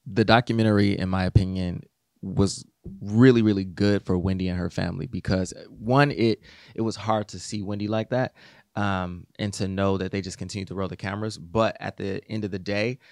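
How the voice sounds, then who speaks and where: A man co-hosting a podcast, giving earnest, measured opinions in casual talk. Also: sits low, fairly even intonation, darkish tone, no room sound, clean studio sound. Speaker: podcast co-host. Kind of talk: casual commentary.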